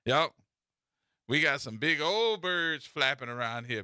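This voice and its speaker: A man's voice: a little high, animated, a little slow, sharp tone, clear, resonant tone, no room sound, studio quality. A man hosting a radio talk show, teasing and telling stories in a playful way.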